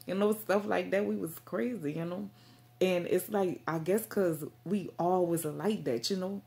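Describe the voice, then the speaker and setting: Low gravelly-voiced woman rambling to camera. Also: a little slow, mellow. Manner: rambling, heavy on fillers, stumbles over words. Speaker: Christian vlogger. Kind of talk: casual direct-to-camera talk.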